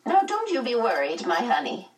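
A woman doing a creaky, chirpy old lady. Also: a little high, wildly swooping pitch, moderate pace, recorded from a distance, voice pushed up. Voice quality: creaky like an unoiled gate. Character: eccentric old woman bundled in scarves, creaky.

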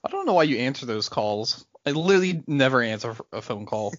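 A man's voice: mid-range voice, animated, fast, dry recording. A man in casual chat, talking in a dry, matter-of-fact way. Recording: dull lo-fi, dry.

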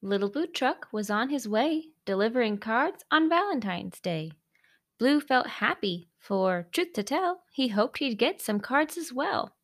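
A woman reading a rhyming picture book aloud in a sing-song, expressive way. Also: on the high side, unhurried. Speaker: storybook reader.

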